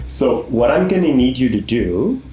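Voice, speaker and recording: Slow, laid-back man running a game. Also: mid-range voice, dark tone. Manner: easygoing, laughs often, explains rules patiently. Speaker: game master. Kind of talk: narrating a tabletop game. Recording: echoey room with faint music.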